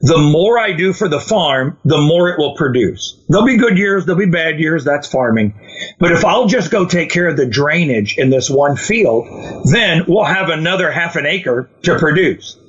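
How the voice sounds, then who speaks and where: A man with a fairly high voice, speaking at normal speed, co-hosts a casual podcast. He tells stories and quotes people along the way, doing animated voices for them. The recording has a dull, lo-fi sound.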